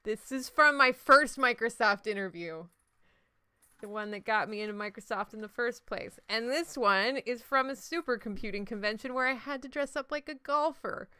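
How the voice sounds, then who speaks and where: A woman's voice: fairly high pitch, moderate pace, sharp tone, clean tone. A woman hosting a live game stream, chatting casually and jokingly with her viewers about their votes. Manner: chatty, jokey, answers chat votes. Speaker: livestream host. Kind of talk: casual let's-play chat with live viewers.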